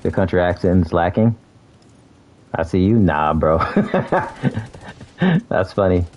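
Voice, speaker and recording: A young man from South Florida with a very deep, low voice talks casually while he streams a shooter game. His tone is laid-back and easygoing, full of laughter and friendly banter. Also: takes it slowly, a little mellow, highs cut off. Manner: laid-back, laughs often, says "bro" a lot. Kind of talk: casual chat while gaming.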